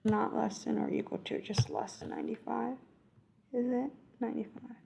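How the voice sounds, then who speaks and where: A woman's voice: a little high, level tone, moderate pace, creaky, mellow, slight background noise. A woman thinking aloud as she works through a coding exercise, correcting herself and murmuring code as she types. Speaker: coding tutor. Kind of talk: screen-recorded coding walkthrough.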